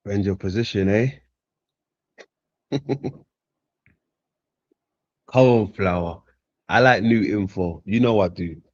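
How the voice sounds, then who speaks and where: A man's voice: on the low side, slow pace, long pauses, dry recording. Laid-back teasing man, dull dry audio. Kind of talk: casual livestream chat.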